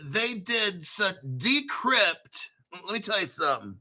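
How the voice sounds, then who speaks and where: Hyped, profane man with bright voice. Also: sits high, sing-song, slow. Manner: profane, hyped, keeps clearing throat. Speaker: crypto show host. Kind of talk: excitable solo commentary stream.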